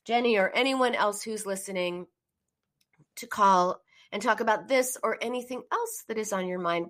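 A woman's voice: mid-range voice, a bit bright. A middle-aged woman hosting a call-in live stream as a therapist, talking in an earnest, encouraging way. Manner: earnest and encouraging, acts out emotional phrases. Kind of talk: casual live-stream advice talk.

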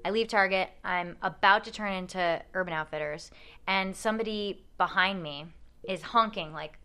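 A young adult woman telling a story in casual chat, animated, full of fillers, acting out the other people's voices. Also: medium pitch, moderate pace. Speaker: podcast guest telling a story.

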